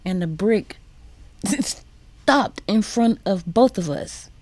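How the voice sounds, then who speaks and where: Slow, mellow-voiced woman. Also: mid-range voice, lively intonation, no room sound. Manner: halting, repeats words, drops to whispers. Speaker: guest. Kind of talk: personal testimony in a radio interview. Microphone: studio microphone.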